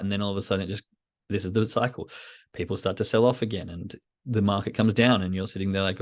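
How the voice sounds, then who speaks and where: A man with a lowish voice gives a relaxed trading lesson, talking through a chart step by step. He slips into little acted asides that voice what nervous traders are thinking. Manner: casual, acts out traders' inner thoughts in quick asides. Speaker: trading educator. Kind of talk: explaining charts in a podcast lesson.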